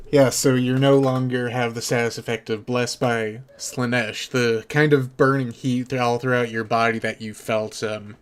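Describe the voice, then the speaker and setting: A man runs a tabletop role-playing session, describing scenes and speaking for the characters. His voice sits at a middle pitch and he often restarts his phrases mid-sentence. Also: clean tone. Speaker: game master. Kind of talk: narrating a tabletop game.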